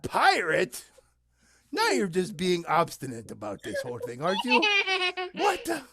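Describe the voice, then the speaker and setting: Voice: mid-range voice, huge pitch swings, moderate pace, vocal fry, a loud crowd. A puppeteer narrating a nursery rhyme in a playful, theatrical, sing-song way.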